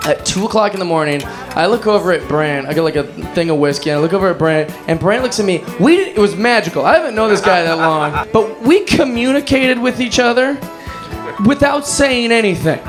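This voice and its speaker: Comedian, male, high voice, rambling self-mocking storyteller, music behind. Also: animated, a little fast. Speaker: stand-up comedian. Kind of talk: stand-up storytelling.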